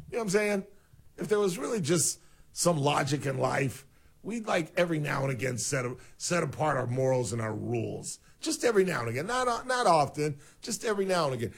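A man talking casually as a host, telling stories and joking. His voice jumps up sharply when he acts out what others said. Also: mid-range voice. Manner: animated storyteller, shouts quoted voices. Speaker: podcast host. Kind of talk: casual chat.

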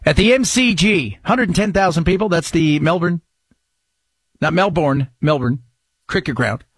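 A man hosting a radio talk show, his voice sitting a touch high and sounding very dry and close to the mic. He riffs excitably and cracks jokes as he goes. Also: a little fast, breathy edge, no echo. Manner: excitable, jokey, riffing. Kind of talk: casual talk radio commentary.

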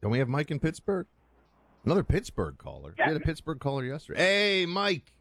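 A man's voice: fairly high pitch, huge pitch swings, a little fast, a bit bright, no echo. A man hosting a talk radio show, chatting loosely with callers and sharing his views. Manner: loose, chatty, filler-heavy.

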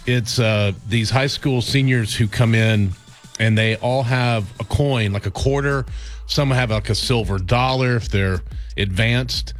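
A man co-hosting a radio show, chatting loosely and rambling through a story with plenty of ums and uhs. His pitch sits in the middle, and a faint music bed plays behind him. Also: measured pace. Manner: rambling storyteller with many fillers. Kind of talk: casual morning-show banter.

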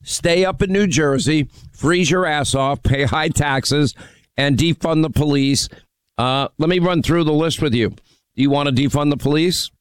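A man's voice: fairly high pitch, normal speed, smooth, dry recording. Brash man hosting talk radio. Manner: brash, needling, mocking. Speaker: radio talk show host. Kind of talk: combative call-in radio talk. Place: radio studio.

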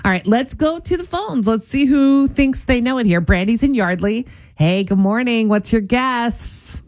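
Woman, morning radio host, upbeat, brisk, chatty, fairly high pitch. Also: animated, darkish tone, no echo.

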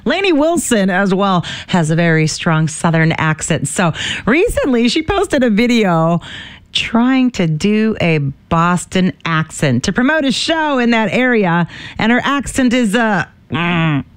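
A woman's voice: mid-range voice, big pitch swings, measured pace, smooth, no room sound. A woman hosting a radio show, chatting casually and laughing between songs.

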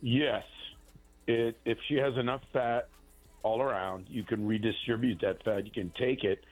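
A husky-voiced man, a plastic surgeon, explains cosmetic procedures in a loose, conversational way. He restarts his sentences often and keeps it plain. Faint music plays underneath. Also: medium pitch, fairly even intonation, unhurried, rough recording. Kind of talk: casual radio chat.

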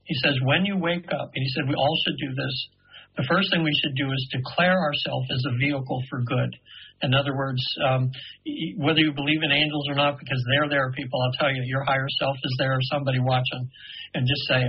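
A man in his seventies, a radio guest telling an earnest, meandering story full of halting restarts. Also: medium pitch, steady tone, breathy edge, muffled recording. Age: 70s.

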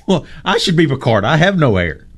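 A man's voice: a little high, very animated, brisk, husky. A man co-hosting a sports radio show in a studio, chatting playfully with the host. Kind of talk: casual sports radio banter.

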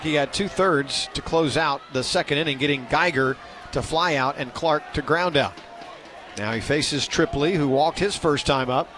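Chatty baseball play-by-play man. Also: fairly high pitch. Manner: chatty, self-deprecating, excitable on big plays. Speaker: play-by-play announcer.

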